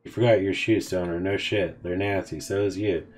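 Deep-voiced man reading texts aloud. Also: fairly even intonation, normal speed, a little mellow. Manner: casual, offhand reading of both sides of a chat. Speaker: gaming video host. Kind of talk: reading in-game text messages aloud.

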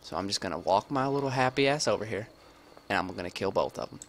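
A man's voice: on the low side, expressive, fast, slight background noise. A man doing casual, profane gameplay commentary, rambling and at times dropping to a near whisper. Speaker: gamer.

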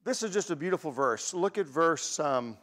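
Sixties male guest preacher, slightly high voice, anecdotal conversational sermon, long church reverb. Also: expressive, moderate pace. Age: 60s. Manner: warm storytelling with personal anecdotes. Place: church sanctuary.

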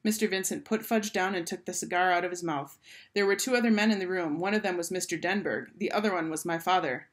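A woman teacher reading a children's book aloud in a clear, expressive storytelling voice. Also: fairly low pitch, quick pace.

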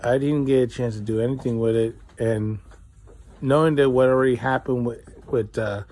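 Indignant rambling man with a mellow voice. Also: medium pitch, steady tone, moderate pace. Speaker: vlogger. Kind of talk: ranting to camera.

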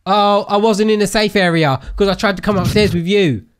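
A man chatting playfully while playing a video game with a friend, quick to laugh and yelp. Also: sits high, smooth. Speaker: gaming YouTuber. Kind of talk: casual game chat.

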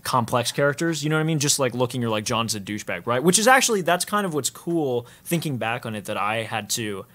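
A man co-hosting a casual film podcast, animated, with lots of "like" and "yeah", sometimes swearing. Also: medium pitch, fast, hardly any pauses. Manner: animated, swearing, quotes others in character; says "like" and "yeah" a lot. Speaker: podcast co-host.

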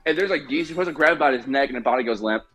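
A man's voice: mid-range voice, racing, fairly bright tone, faint music behind. Guy giving hot takes on a game stream, blunt, swears a lot. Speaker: co-host chatting during a game stream. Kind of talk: casual group chat.

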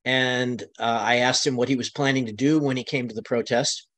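An American man on a webinar panel, retelling events conversationally, his voice climbing high when he quotes others, with frequent restarts. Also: steady tone, normal speed, fairly bright tone. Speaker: panel guest, county LGBTQ commissioner.

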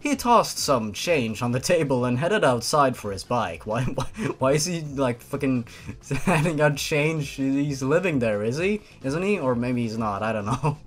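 A man's voice: medium pitch, expressive, unhurried. A man giving a comedic dramatic reading and giggling at his own asides. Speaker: comedic fanfic reader.

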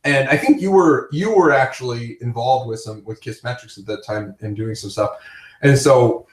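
A podcast host chats casually, telling rambling stories and laughing often, in a medium-pitched voice at a moderate pace. The recording sounds roomy, as if he's distant from the mic.

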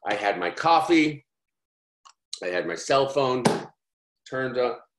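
A man giving a course talk shares a personal story candidly and conversationally, with plenty of fillers. His mid-range voice is animated but slow. The recording is very noisy with a roomy echo.

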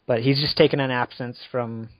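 Hosting a casual gaming podcast, a man rambles in a relaxed way with plenty of fillers. His mid-range voice moves at a normal speed, with no room sound around it.

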